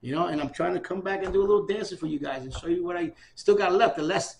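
A man in his fifties in an oral history interview, talking in an excitable, repetitive way and giving out many shout-outs. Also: high voice, fast, creaky, a little hiss or hum. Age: 50s.

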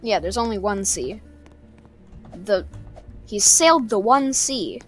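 A woman playing a game with a friend, chatting and teasing in a relaxed way. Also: medium pitch, slow, soft background music. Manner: playful, teasing, hums along. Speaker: co-player. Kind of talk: casual gameplay chat.

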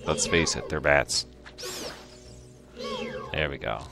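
A man hosting a video game playthrough at home, chatting casually with sudden excited yelps. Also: a bass voice, slow, gravelly, over music. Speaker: host.

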